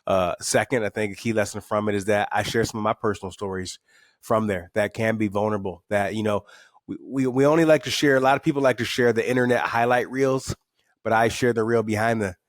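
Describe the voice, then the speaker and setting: Candid man, low dry voice. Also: brisk, no room sound. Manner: candid, animated storytelling with repeated words. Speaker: guest, author and speaker. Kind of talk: podcast interview.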